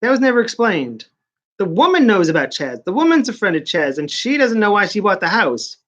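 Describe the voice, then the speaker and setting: Sarcastic man with a higher voice. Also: fairly quick, dull audio. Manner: mocking, rambling, deadpan asides. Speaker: comic book reviewer. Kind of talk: casual sarcastic recap.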